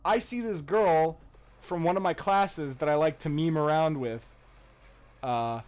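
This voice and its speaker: A man's voice: a little high, a little slow. A young man and podcast co-host, telling a story in casual chat, swearing freely and laughing as he goes. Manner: profane, laughing, animated retelling.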